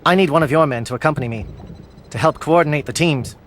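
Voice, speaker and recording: An actor playing a stern, disciplined alien military captain in a video game, speaking in formal, clipped military phrases. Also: male voice, a little high, quick pace, fairly bright tone, slight background noise, natural voice. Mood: resolute. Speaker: commander briefing troops.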